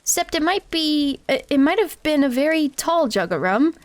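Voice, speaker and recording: A woman's voice: high-pitched, sing-song, moderate pace. A woman reading the lines of a scrappy, cheeky male street-raised critter from a cozy game.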